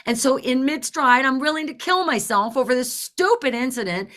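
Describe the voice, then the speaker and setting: Bright-voiced woman in her forties, a lively podcast co-host who tells stories and swears casually. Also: high-pitched, normal speed. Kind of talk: casual storytelling chat.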